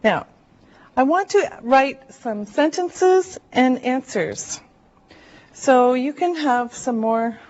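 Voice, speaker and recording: A woman teaching an English lesson, drilling words and phrases slowly and deliberately, repeating each one. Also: high-pitched, lively intonation, darkish tone, highs cut off. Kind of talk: classroom language lesson.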